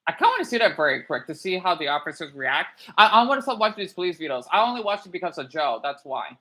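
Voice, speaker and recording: A woman's voice: on the low side, fast. A woman in her thirties from Arizona, rambling through opinionated commentary while reacting to videos, checking in with "right?" a lot. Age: 30s. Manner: rambling, animated, asks "right?" often.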